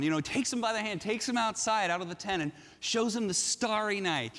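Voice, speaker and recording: Man, pastor, sermon, lively storytelling, higher pitch, long hall echo. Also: moderate pace, hardly any pauses. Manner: animated storytelling with frequent restarts.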